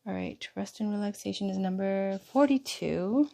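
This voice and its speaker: A woman giving a chatty tarot reading, going hoarse as she loses her voice. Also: mid-range voice, moderate pace, warm tone. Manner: chatty, reassuring, drifts between reading aloud and asides. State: losing her voice. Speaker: tarot reader.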